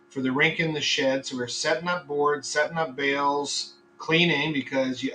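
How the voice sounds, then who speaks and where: A man's voice: on the high side, bright, forceful tone, recorded from a distance, a little hiss or hum, rough recording. A middle-aged man who farms chickens and hosts a podcast, talking casually with a lot of swearing and constant tangents. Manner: profane, rambling, frequently sidetracked. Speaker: podcast host and chicken farmer. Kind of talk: casual rambling podcast monologue.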